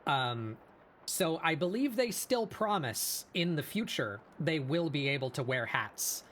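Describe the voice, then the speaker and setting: A man hosting an art stream, rambling through slow, casual explanations with lots of fillers. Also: fairly high pitch, expressive, fairly bright tone, slight background noise. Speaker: stream host. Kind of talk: casual chat.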